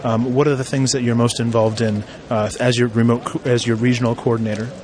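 A man conducting a relaxed interview, talking in a chatty way that is full of ums and restarts. His pitch sits in an ordinary middle range. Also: quick pace, a crowd in the background. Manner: chatty, many fillers and restarts. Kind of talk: casual interview.

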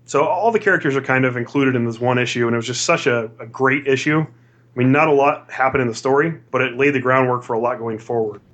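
A man hosting a casual comics podcast, upbeat and quick to laugh. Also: mid-range voice, fairly bright tone, lo-fi sound. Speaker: podcast host. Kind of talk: casual podcast chat and ad read.

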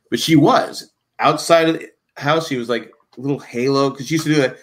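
A man's voice: mid-range voice, brisk, hardly any pauses. An older grandfather in casual podcast chat, telling stories and acting out quotes. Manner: animated storyteller acting out quotes. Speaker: podcast co-host.

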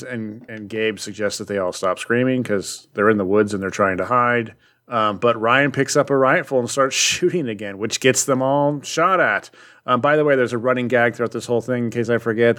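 A man's voice: medium pitch, fairly bright tone. A man co-hosting a casual podcast about comics, animatedly retelling a story with lots of ums. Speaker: podcast co-host.

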